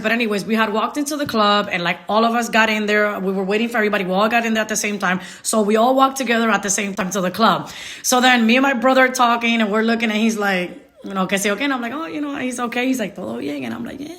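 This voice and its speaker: A young woman telling a dating story in a casual, animated way, slipping into Spanish phrases. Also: a little high. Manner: animated, laughing often, switches into Spanish. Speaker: storyteller vlogger.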